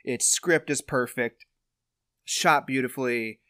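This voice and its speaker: A man's voice: medium pitch, slow, sharp tone, dry recording, studio quality. A man co-hosting a podcast in loose, casual chat, swearing freely and filling his talk with "like". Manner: loose, profane, filler-heavy talk with lots of "like". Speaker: podcast co-host running a quote quiz.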